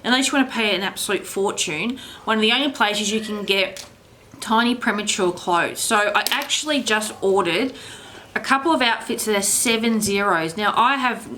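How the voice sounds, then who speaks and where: A woman's voice: medium pitch, normal speed, pushed and bright, a little hiss or hum. An Australian woman, a doll artist, chatting casually to camera in a rambling, self-deprecating way.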